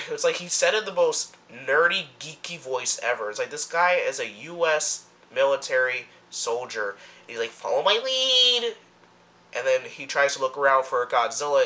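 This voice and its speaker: A young man rambling excitedly through a casual movie fan commentary, full of fillers and asides. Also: medium pitch. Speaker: movie review vlogger.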